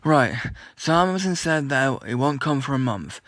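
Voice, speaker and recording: A man's voice: mid-range voice, expressive, moderate pace, a bit bright, dry recording, clean studio sound. A young man from the UK ranting in a vlog, annoyed and rambling, with many restarts and blunt complaints. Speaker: vlogger.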